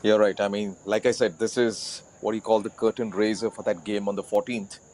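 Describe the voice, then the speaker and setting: A man's voice: lowish voice, flat delivery, brisk, a little mellow, a little hiss or hum. A man co-commentating a live football match in an easygoing, agreeable way.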